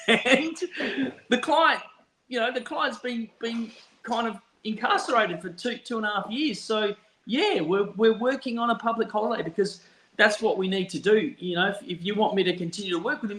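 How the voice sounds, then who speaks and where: A man with an Australian accent telling a story from his counselling work in a relaxed chat, laughing often and restarting sentences. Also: sits high, normal speed. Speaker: counsellor, podcast guest. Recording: roomy echo.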